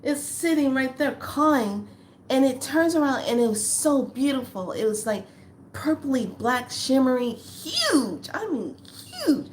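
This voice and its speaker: A woman vlogger telling a spiritual story in a casual way, acting out quoted lines with lively rises in pitch. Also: moderate pace, a little hiss or hum. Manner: animated, acts out quotes with rising pitch.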